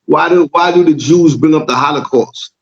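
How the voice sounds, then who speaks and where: A man's voice: on the high side, normal speed, vocal fry, highs cut off. A man from Jamaica co-hosting a casual podcast, making his points with repeated words and frequent "right?" checks. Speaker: podcast co-host.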